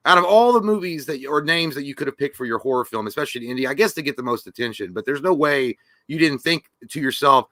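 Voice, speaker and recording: Dry-joking man with a bright, close voice. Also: medium pitch, lively intonation, fast, hardly any pauses, no echo. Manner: dry crude jokes, laughs at his own lines. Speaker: podcast co-host. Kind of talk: casual live-stream chat.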